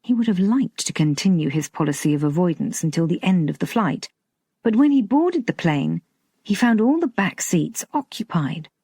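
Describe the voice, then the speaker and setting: A woman narrating a romantic comedy audiobook in a measured, lightly expressive way. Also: on the low side, breathy edge, no echo, clean studio sound. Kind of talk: scripted narration.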